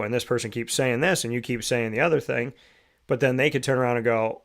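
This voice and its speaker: A man's voice: medium pitch, fairly even intonation, fairly quick. A man hosting a show, giving a reflective motivational monologue full of rhetorical questions. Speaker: show host.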